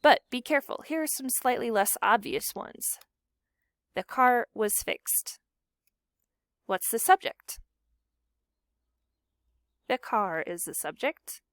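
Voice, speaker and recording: A woman's voice: on the high side, lively intonation, a little slow, long pauses, no echo, studio quality. Woman teacher explaining grammar. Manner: clear explanatory teacher talk with questions to students. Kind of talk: recorded grammar lesson.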